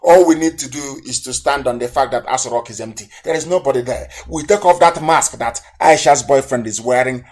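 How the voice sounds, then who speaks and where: A man from southeastern Nigeria, giving an impassioned, scornful live political broadcast full of rhetorical questions. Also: on the high side. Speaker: broadcaster and activist leader.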